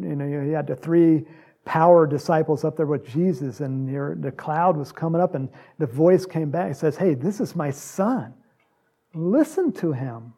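A man's voice: a little high, mellow. A man preaching an informal, conversational sermon, with frequent fillers. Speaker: pastor.

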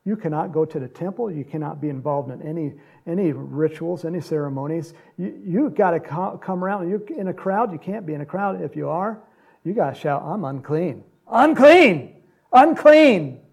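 A man preaching a sermon, retelling a gospel story with animated storytelling and acted-out lines. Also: fairly high pitch, fairly quick, gravelly, husky. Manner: animated storytelling, acts out quotes, laughs often.

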